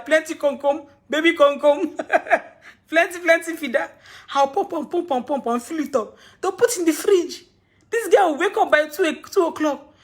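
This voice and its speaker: A woman's voice: high voice, fairly bright tone. A young Nigerian woman hosting a casual live stream, rambling, laughing often and scolding her viewers.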